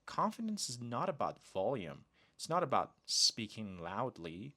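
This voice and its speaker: Slow, animated male teacher. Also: medium pitch. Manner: slow, deliberate delivery with lively emphasis on example phrases. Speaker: English teacher, podcast host. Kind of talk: podcast lesson.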